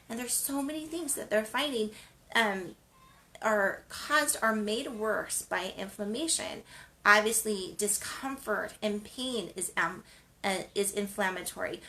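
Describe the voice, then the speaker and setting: A woman hosts a wellness segment in a loose, chatty way, circling back and restarting her sentences. Her voice has a gravelly, creaky texture. It also carries a bright, forceful edge. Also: mid-range voice. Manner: chatty, rambling, frequent ums and restarts. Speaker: wellness show host. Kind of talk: casual spoken segment.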